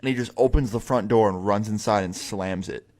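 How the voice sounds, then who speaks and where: Young man, lowish voice, casual sweary storyteller. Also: a little fast, darkish tone. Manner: swearing, rambling, filler-heavy.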